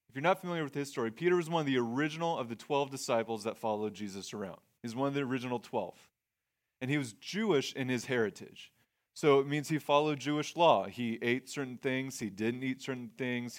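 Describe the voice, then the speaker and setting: A man preaching a sermon in a conversational way, reading scripture and explaining it plainly, often restarting his phrases. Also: mid-range voice. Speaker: pastor.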